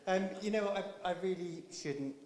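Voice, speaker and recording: A woman's voice: on the low side, moderate pace, noisy background. A woman, a charity founder, giving a blunt, serious keynote speech on stage. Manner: blunt, serious, quoting figures. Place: stage in a large event hall. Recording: echoey event hall.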